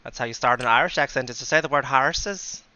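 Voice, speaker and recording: Man, game master, very bright voice, smooth and clear, dry sound. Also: mid-range voice, fairly even intonation, rapid-fire, dry recording, lo-fi sound. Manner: laughs often, restarts, self-mocking. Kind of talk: running a tabletop game over a call.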